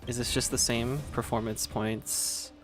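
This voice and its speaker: A man giving chatty, excitable casual commentary while streaming a video game. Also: mid-range voice, a little slow, loud music behind the voice. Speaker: gaming streamer.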